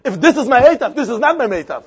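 A man's voice: extremely high pitch, very animated, quick pace, husky. A man teaching a Talmud lesson, repeating phrases and posing and answering his own questions. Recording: dull lo-fi recording with faint crowd.

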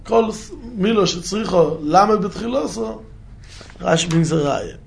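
A man teaching a Torah lesson as a rabbi, chanting quoted verses in a singsong and climbing high when he stresses a point. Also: lively intonation, unhurried, gravelly, a little hiss or hum.

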